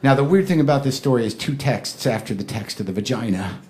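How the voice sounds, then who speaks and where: A man's voice: mid-range voice, animated, quick pace, a little mellow. A middle-aged man doing a stand-up comedy set on a club stage, telling a rambling, neurotic story and acting out the quotes.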